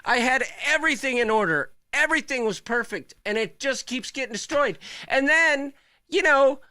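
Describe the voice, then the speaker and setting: A man's voice: extremely high pitch, animated, moderate pace, pushed and bright, clear, resonant tone, no echo. A man co-hosting a live show, chatting casually and ranting with mock outrage. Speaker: co-host.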